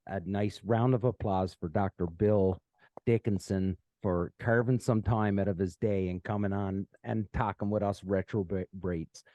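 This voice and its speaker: A man's voice: lowish voice, dark tone, no echo, dull audio. A man hosting a podcast, chatting casually with many fillers and restarts, from Canada. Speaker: podcast host. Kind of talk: casual chat.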